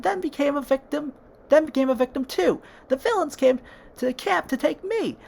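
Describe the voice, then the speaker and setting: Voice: medium pitch, slightly rough, voice pushed up. A fan storyteller voicing a withdrawn, guilt-ridden teenage girl who pleads and cries out in despair.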